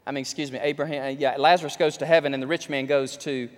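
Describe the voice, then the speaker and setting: A man's voice: medium pitch, steady tone, quick pace. A man preaching an emphatic sermon full of rhetorical questions, in a large church hall. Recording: long hall reverb.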